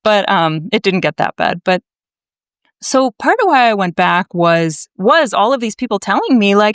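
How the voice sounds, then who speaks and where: Animated, blunt woman storyteller. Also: medium pitch, normal speed, no echo, clean studio sound. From Massachusetts, USA. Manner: animated, emphatic, blunt, swears freely. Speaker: podcast guest, naturopathic doctor. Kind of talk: conversational storytelling.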